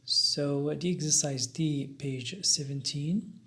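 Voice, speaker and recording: A man teaching an English grammar lesson, explaining spelling rules slowly and deliberately, spelling out letters with careful pauses and fillers. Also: fairly high pitch, pushed and bright.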